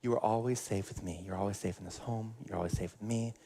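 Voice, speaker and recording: A preacher voicing a gentle grandmother comforting a boy, speaking very softly. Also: fairly low pitch, steady tone, fast, creaky. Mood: soothing. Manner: very soft, hushed, soothing. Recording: long church reverb.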